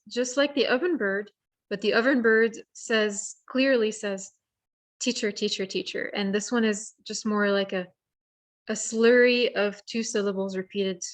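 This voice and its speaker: A woman presenting an online workshop, explaining how to identify warblers by sight and song in a friendly, explanatory way with small restarts. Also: medium pitch. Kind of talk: virtual bird identification lesson. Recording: virtual program audio.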